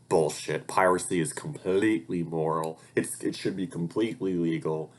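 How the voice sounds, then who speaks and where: This young vlogger and hobby voice actor has a deep voice and a measured pace as he gives a rambling update on his life. The talk is loose and profane, turning heated whenever he vents.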